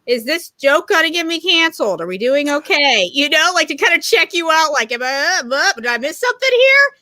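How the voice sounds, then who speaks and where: A woman co-hosting a comedy podcast, telling an animated story and acting out the voices she quotes. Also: sits high, fairly quick, no room sound.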